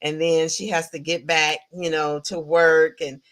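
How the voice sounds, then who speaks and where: Woman host, chatty film recap, animated, laughs often, asks chat questions. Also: sits low, measured pace. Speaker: podcast host reviewing a film. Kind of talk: casual livestream film recap.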